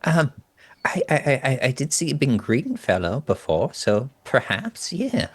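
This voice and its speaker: A nervous little booth keeper, played by a tabletop player, tripping over every word and repeating himself before he gets a sentence out. The pitch wanders widely as the nerves show, at a middling height. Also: very animated, unhurried, breathy edge. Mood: hesitant. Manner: stutters, repeats words, hesitant. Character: timid stammering small puzzle-booth keeper named Rote. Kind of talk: playing a character in a tabletop game.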